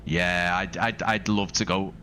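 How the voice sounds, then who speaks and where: A man's voice: low voice, steady tone, unhurried, pushed and bright, slight background noise. A man from Liverpool with a Scouse accent, chatting casually while live-streaming a flight simulator, rambling and thinking aloud with asides to his viewers. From Liverpool, England.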